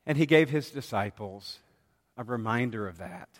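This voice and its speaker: A man preaching a sermon from the pulpit in a measured, dramatic way, with pauses between phrases. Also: mid-range voice, animated. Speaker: pastor. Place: church sanctuary. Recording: long hall reverb.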